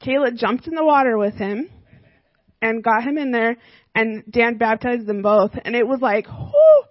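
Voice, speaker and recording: A woman teaching a children's church lesson, lively and often asking the kids questions. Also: a little high, moderate pace, dry recording, muffled recording.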